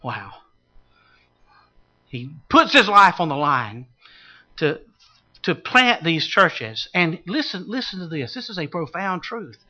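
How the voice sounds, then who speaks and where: A man preaching a sermon, swinging from loud calls to hushed low asides. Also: very animated, slow, long pauses, lo-fi sound. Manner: dramatic shifts from shouting to hushed low tones.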